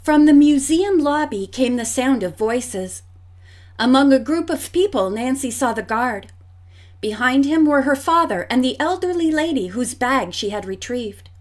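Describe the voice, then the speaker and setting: High-voiced woman reading a mystery. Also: expressive, a little slow. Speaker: audiobook narrator. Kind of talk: audiobook narration.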